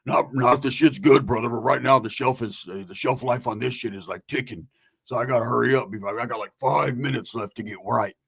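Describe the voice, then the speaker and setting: A man voicing his groggy, drowsy old buddy, who talks in a slow slurring drawl and calls everyone brother. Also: medium pitch, gravelly, a bit bright, husky, pitched below the performer's own voice. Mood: rambling.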